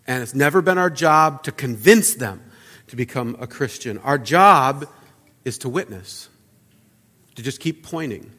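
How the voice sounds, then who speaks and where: A man preaching a sermon as a pastor, earnest, often repeating words and dropping to a quiet low voice for emphasis. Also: lively intonation, unhurried. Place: church sanctuary. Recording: church hall reverb.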